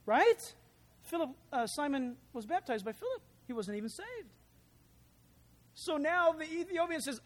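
A man preaching a sermon as pastor, animated, swinging from quiet asides to loud emphatic lines. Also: very high voice, a little slow, pauses often.

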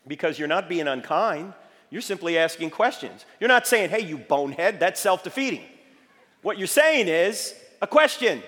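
A man giving an emphatic, lively lecture to a live audience, quizzing them with rhetorical questions, his voice slightly failing. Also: sits high, normal speed. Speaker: speaker addressing a live audience. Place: large hall with audience. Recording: echoey hall reverb.

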